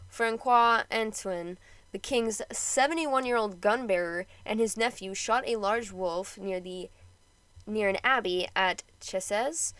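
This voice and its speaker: A woman's voice: mid-range voice, a bit bright, no echo, low-quality recording. Chatty woman reading a history podcast. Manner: chatty, jokey asides between read passages. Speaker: podcast host. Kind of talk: read history narration with casual asides.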